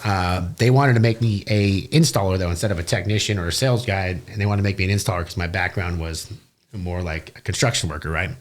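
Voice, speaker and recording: A man telling his story in a casual interview, animated and full of swearing. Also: deep voice. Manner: fast, profane, animated storytelling. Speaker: guest, business owner.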